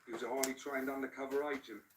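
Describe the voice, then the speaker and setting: An actor playing a calm, menacing male crook, speaking with dry, unruffled menace. The audio is a film soundtrack played back on a livestream. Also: medium pitch, racing, lightly acted. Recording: distant film audio with noise.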